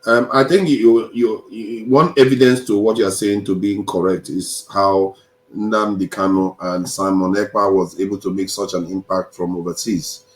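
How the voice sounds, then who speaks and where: Low-voiced host in an echoey room. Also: male voice, moderate pace. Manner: relaxed, teasing, calls on speakers by name. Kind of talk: livestream panel moderation.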